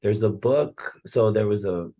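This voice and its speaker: A man's voice: fairly low pitch, animated, unhurried, mellow. A man giving casual, earnest motivational talk on a podcast, rambling and often checking in with "right?". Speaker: podcast speaker on real estate and personal growth.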